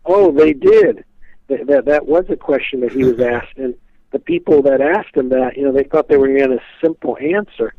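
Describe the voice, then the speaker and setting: A man's voice: mid-range voice, normal speed, no echo. Man rambling over a tinny phone line. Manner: rambling, filler-heavy, animated retelling. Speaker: guest expert. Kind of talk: casual storytelling in an interview.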